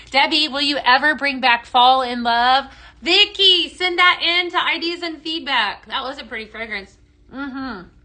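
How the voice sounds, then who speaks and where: She's a fragrance-mixing live-stream host from Texas, talking through her phone with a Texan accent in a high, pushed, bright voice. Chatty and bubbly, she greets viewers by name and laughs often.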